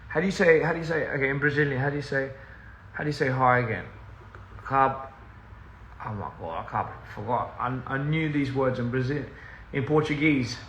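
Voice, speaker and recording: A man's voice: mid-range voice, a little fast, a bit bright, reverberant, a little hiss or hum. A young man rambling through a casual live-stream chat from home, easily sidetracked and laughing often. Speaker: musician live-streaming to fans. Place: at home, indoors.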